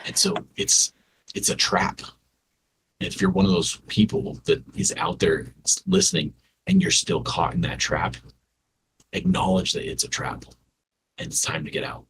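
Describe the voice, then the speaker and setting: A podcast co-host speaks earnestly and directly to listeners in a heartfelt conversation. His voice is low and sing-song, a little slow, with vocal fry, and there is background noise.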